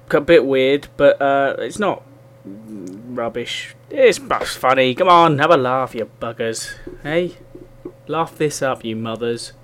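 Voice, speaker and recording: A man's voice: mid-range voice, a bit bright. A man with a northern English accent introducing sketches with mumbling, jokey asides. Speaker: comedy podcast co-host.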